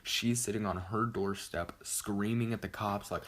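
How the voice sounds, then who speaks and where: A man's voice: on the low side, moderate pace, few pauses, a bit bright. A teenage boy vlogger telling a story casually, rambling and swearing with lots of "like". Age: teens. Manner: rambling, profane, fillers like "like".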